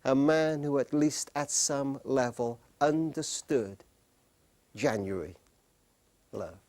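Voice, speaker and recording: A middle-aged man giving an earnest storytelling talk on marriage to a live studio audience, slowing down and pausing for emphasis. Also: mid-range voice, darkish tone. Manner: earnest, with slow emphatic pauses. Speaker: speaker on marriage.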